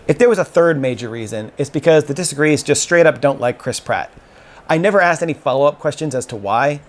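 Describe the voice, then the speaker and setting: A man's voice: a little high, a little hiss or hum. A man hosting a casual street poll at a fan convention, friendly and explaining with playful emphasis. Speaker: host running a street poll. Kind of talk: casual interviewing.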